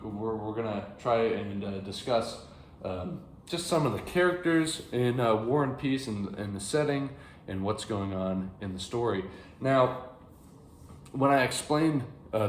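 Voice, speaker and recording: A young American man giving a rambling, casual book review to camera, with many fillers and restarts. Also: lowish voice. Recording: echoey room, faint background hiss.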